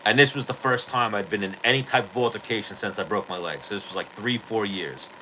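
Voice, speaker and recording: A man hosting a podcast, telling a rough story in a low, forceful, bright voice. He is profane and animated, with a faint hiss of noise behind him. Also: a little fast, rough recording. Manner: profane, animated retelling of a street fight. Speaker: podcast host. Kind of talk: casual storytelling.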